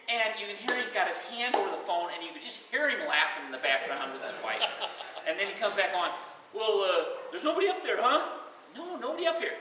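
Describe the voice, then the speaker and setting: An older man telling stories at his own retirement party, animated and acting out the voices of the people in them. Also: high voice, normal speed, a little hiss or hum. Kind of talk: storytelling to a crowd. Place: hall at a party, heard from afar. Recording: roomy hall, voice far from the mic.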